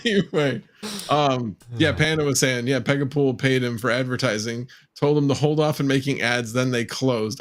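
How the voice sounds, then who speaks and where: A man hosting a relaxed livestream who reads viewer comments aloud and teases the chat. His voice sits at a medium pitch. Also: moderate pace. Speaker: livestream host. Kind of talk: casual chat.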